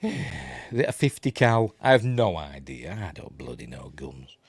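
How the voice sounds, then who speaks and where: A man's voice: extremely low pitch, very animated, measured pace, breathy edge, no room sound. A Yorkshire man giving a casual, rambling scene-by-scene commentary on a film, often correcting himself and chuckling. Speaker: film reviewer.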